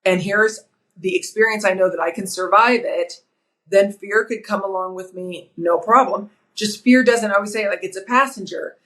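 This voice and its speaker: Middle-aged woman, broadcaster guest on a podcast; emphatic, energetic storyteller, mid-range voice. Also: medium pitch, normal speed, rough recording. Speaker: guest, sports broadcaster and author. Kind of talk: podcast interview.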